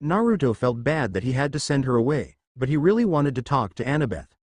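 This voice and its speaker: A man narrating a fan fiction story in an even, unhurried reading voice. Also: mid-range voice, no room sound.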